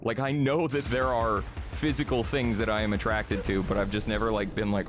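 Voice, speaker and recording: A man's voice: fairly low pitch, flat delivery, brisk, few pauses, faint music behind. Rambling, swearing young man streamer. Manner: rambling, swears freely, laughs often. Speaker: streamer reading chat. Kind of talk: casual live-stream chat.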